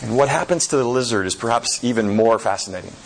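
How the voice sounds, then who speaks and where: A man preaching at a middling pitch, retelling a story with halting fillers between his words. He slows down to lean on key words. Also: expressive, slight background noise, poor audio. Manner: hesitant, with many fillers and slow emphatic phrasing.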